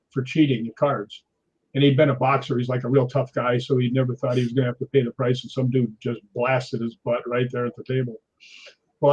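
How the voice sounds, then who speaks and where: A man's voice: medium pitch, breathy edge. A man in his sixties, a guest in an interview, telling stories animatedly and acting out what people said. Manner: animated storyteller acting out quoted voices. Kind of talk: storytelling in an interview. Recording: dull lo-fi audio.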